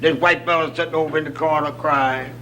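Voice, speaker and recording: Man, folksy joke telling, slightly high voice, laughs at own punchlines. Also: steady tone, noisy background. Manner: laughs at his own jokes, drawn-out punchlines. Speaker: storyteller telling jokes.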